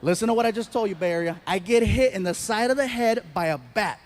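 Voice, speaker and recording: A male stand-up comedian telling an animated story on a live stage, slipping into put-on voices. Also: sits high, quick pace. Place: live stage before a large laughing crowd.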